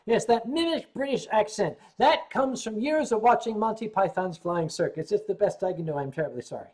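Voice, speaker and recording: Husky older man chatting and drinking. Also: sits high, lively intonation, moderate pace, darkish tone. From United States. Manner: rambling, clears his throat often; sipping drinks while chatting. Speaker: livestream host. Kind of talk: casual livestream chat reading viewer comments.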